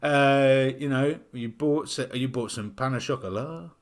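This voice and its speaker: A man's voice: mid-range voice, a little slow. A British man co-hosting a podcast in casual chat from home, jokey and swearing freely, heard over a webcam. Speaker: podcast co-host. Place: at home at a table. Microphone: webcam on a video call.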